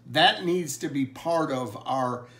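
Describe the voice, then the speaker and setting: A man preaching a family blessing sermon, earnestly reading scripture slowly and with emphasis. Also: fairly high pitch, bright, forceful tone.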